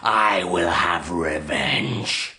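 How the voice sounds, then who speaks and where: An actor playing a menacing, vengeful male wolf warlord for a video game, with a deep, cold, growling voice. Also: very slow, sharp tone, heavily acted. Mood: threatening. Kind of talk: video game villain voice acting.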